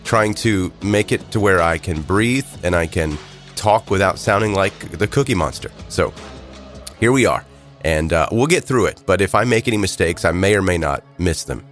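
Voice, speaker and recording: A man's voice: deep voice, expressive, moderate pace, a bit bright, faint music behind. A man hosting a true crime podcast, narrating a scripted story with wry, joking asides while he has a head cold. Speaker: podcast host.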